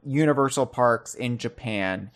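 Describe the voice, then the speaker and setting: A man co-hosting a podcast in casual chat, animated and thinking aloud, often restarting and repeating words. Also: unhurried. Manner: animated, puts on a loud booming trivia voice. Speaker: podcast co-host.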